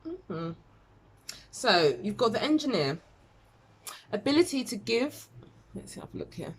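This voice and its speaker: A woman's voice: a little high, sing-song, a little slow, a little hiss or hum. A woman giving a casual tarot reading to camera, chatty and rambling, laughing at herself. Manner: chatty, rambling, self-deprecating, with fillers and laughs. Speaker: tarot reader.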